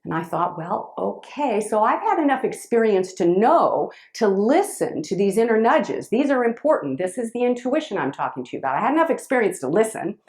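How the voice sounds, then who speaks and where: A woman speaker telling a personal story to a live audience. She is expressive and halting, with restarts, and swings between loud and hushed. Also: medium pitch. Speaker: motivational speaker.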